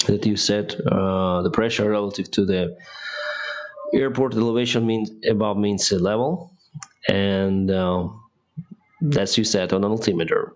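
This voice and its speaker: A man, an airline pilot answering viewer questions on a live stream, speaking in halting, restarting English with frequent laughs. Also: fairly low pitch. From Ukraine.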